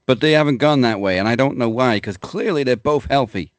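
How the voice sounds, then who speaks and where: A man co-hosting a wrestling podcast and talking in an animated, emphatic way. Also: mid-range voice, fairly quick, clear, resonant tone, no echo. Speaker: podcast co-host. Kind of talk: casual wrestling chat.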